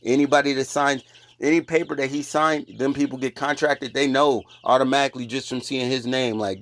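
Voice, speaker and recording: A man's voice: fairly even intonation, a little fast, a little hiss or hum. A man preaching a heated, profane rant, scolding his listeners in a confrontational way. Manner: gets louder and higher when agitated. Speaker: online religious preacher.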